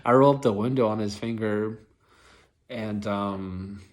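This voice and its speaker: Rambling young man, fairly low voice. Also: measured pace, darkish tone. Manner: rambling, filler-heavy, lots of "like". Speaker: rideshare driver telling stories. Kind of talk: casual storytelling vlog.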